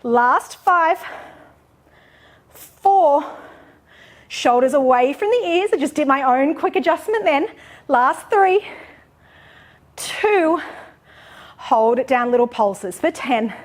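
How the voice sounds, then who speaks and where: A woman's voice: high voice, lively intonation, takes it slowly, pauses often. Out-of-breath woman counting pilates reps. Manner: encouraging, counts reps aloud. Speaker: pilates instructor. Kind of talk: cueing a workout class.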